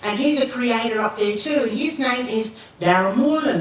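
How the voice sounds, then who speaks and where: A woman's voice: fairly high pitch, moderate pace. Older Australian woman telling a story in an echoey hall. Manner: relaxed, rambling storytelling with audience call-and-response. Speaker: Aboriginal elder giving a Welcome to Country. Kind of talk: storytelling welcome speech to an audience. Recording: echoey hall from far off, faint noise.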